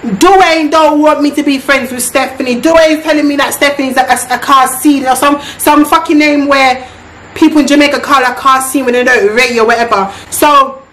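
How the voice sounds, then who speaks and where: A woman's voice: high voice, fairly even intonation, normal speed, fairly bright tone, a little hiss or hum. A woman vlogger telling a storytime monologue in a blunt, repetitive way, swearing freely. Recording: roomy echo.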